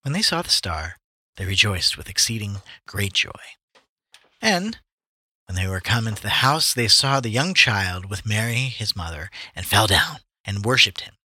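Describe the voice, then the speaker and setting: A man's voice: lowish voice, expressive, moderate pace, sharp tone, breathy edge, no echo. A man reading old scripture aloud to friends in a casual way, stopping now and then to joke. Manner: reads archaic verses plainly, breaking off to joke. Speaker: reader among friends.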